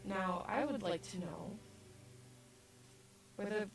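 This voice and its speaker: A woman narrating as game master of a tabletop role-playing game, setting scenes gently. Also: mid-range voice, takes it slowly, faint music behind, rough recording.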